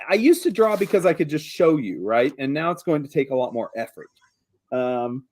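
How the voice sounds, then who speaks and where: A man running a tabletop game as game master, talking in a relaxed, hesitant way full of ums. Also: on the high side.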